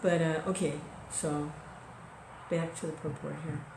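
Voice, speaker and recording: A woman's voice: low voice, flat delivery, measured pace, creaky, noisy background. Woman giving a casual spiritual talk, roomy sound. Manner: conversational, many fillers and "you know". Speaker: devotional speaker. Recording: echoey room recording.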